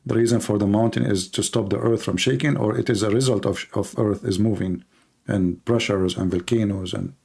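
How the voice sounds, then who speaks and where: A man's voice: on the low side, fairly even intonation, brisk, vocal fry, darkish tone, husky. A man hosting a call-in debate, pressing his caller with repeated challenging questions. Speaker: host.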